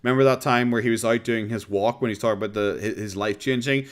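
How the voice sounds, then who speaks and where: A man's voice: lowish voice, steady tone, fast. Irish man, streamer, casual commentary, sarcastic, swearing, frequent laughter. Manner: sarcastic, profane, laughs often.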